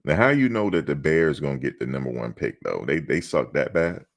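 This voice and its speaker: A man hosting a casual sports talk show, joking and acting out mock quotes in an animated, laid-back way. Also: very deep voice, a little fast.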